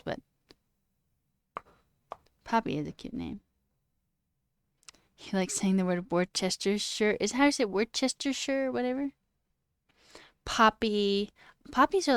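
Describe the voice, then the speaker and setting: A woman's voice: mid-range voice, lively intonation, normal speed, long pauses, clean tone, no room sound. A woman chatting casually on a livestream, playful and rambling as she answers her chat. Her voice sits in a mid range and sounds close and dry, with no room around it. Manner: playful and chatty, musing aloud over word sounds; reads and answers a live chat.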